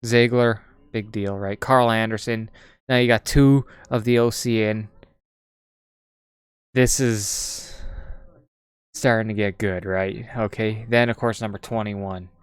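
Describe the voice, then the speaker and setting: A man's voice: fairly low pitch, fairly even intonation, takes it slowly, long pauses, clear, resonant tone, dry recording. A man giving casual, rambling post-show commentary on wrestling, swearing freely and laughing often.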